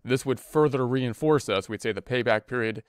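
A man's voice: mid-range voice, moderate pace, clean tone, no room sound, clean studio sound. A man teaching accounting in a screen-recorded spreadsheet lesson, talking through each keystroke step by step in a casual, repetitive way. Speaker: accounting instructor.

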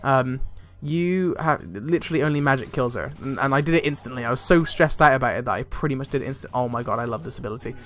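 A young man giving casual, excitable gameplay commentary, swearing a lot and laughing often. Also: mid-range voice, fast, few pauses. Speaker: let's play gamer. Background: faint game music.

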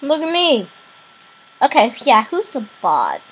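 A young woman reacting out loud to a game cutscene as a gaming video host, with emotional, expressive exclamations. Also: high-pitched, a little slow, slightly rough, rough recording. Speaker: gaming YouTuber.

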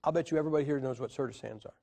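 This time the teacher races along, his medium-pitched voice mellow and touched with vocal fry. It's still a lecture-style Bible class where he emphatically quizzes listeners and counts syllables out for emphasis.

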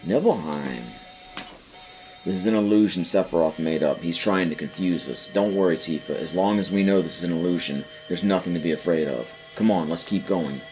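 A man's voice: deep voice, a little fast. A man hosting a game playthrough, reading the dialogue aloud with dry asides. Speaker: let's play host. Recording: faint game music behind.

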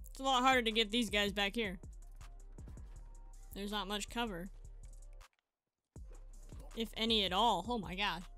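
A woman hosting her gaming channel, giving chatty gameplay commentary and yelping and exclaiming at the action. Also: mid-range voice. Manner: excitable, yelps and exclaims mid-game, chatty to viewers. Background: faint background music.

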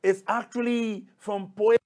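A man's voice: high-pitched, level tone, normal speed, gravelly, a little mellow. A male pastor preaching a sermon, emphatic and repetitive, addressing listeners as brothers and sisters. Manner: emphatic, repeats key phrases.

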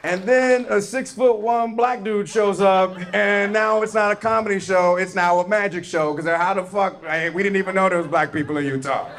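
A man's voice: high voice, steady tone, moderate pace, few pauses, fairly bright tone. Man telling a stand-up story on stage. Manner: storytelling, acts out both sides of a dialogue. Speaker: stand-up comedian. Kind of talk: stand-up comedy set. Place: comedy club stage before a live audience. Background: audience laughter.

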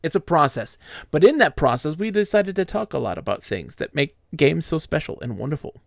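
A man's voice: fairly high pitch, very animated, fairly quick, creaky, fairly bright tone, no echo, studio quality. A male streamer reading a story with theatrical flair, then chatting casually with a mock-grand manner.

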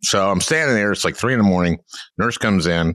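A man's voice: deep voice, brisk, a bit bright, no echo. A man in his seventies from Minnesota, a podcast host telling wry stories in casual chat. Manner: wry storyteller.

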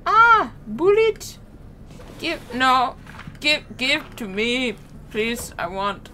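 A woman streams a horror game, talking in a playful, chatty way and addressing things on screen. Her voice sits fairly high. She speaks slowly, with faint noise in the background. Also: bright, forceful tone. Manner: playful, chats to game objects and creatures. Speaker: gaming streamer. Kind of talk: horror gameplay commentary.

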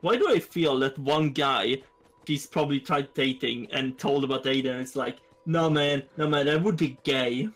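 A man's voice: mid-range voice, normal speed, a bit bright, soft background music. A man joking and swearing in a casual game commentary with friends, often giggling. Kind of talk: casual let's play banter.

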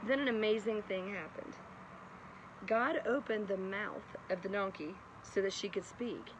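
A woman's voice: medium pitch, fairly even intonation, unhurried, dull audio. A woman telling a bedtime Bible story in a chatty way, with lots of laughing asides, over outdoor traffic noise. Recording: noisy outdoor background with traffic.

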